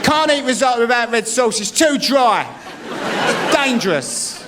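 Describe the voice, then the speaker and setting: A man's voice: very high-pitched, lively intonation, a little slow, heavy background noise. A man doing a wry stand-up routine, telling stories and mocking the voices of the people in them. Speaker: stand-up comedian. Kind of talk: stand-up routine before a live audience. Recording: comedy club recording with loud audience laughter. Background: crowd laughing.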